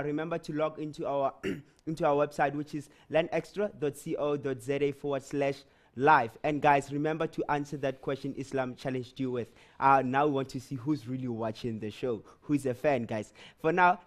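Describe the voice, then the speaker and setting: Male co-host, mid-pitched, friendly to viewers, reads out questions and ad-break cues. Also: steady tone, moderate pace. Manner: upbeat, addresses viewers directly with restarts. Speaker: show co-host. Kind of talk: live show presenting.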